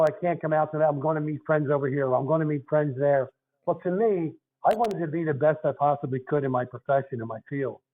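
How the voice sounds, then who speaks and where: Heard through phone-quality audio, this slightly high male voice belongs to an older Philadelphian, a retired basketball referee. As a guest in a relaxed interview, he spins earnest, chatty stories.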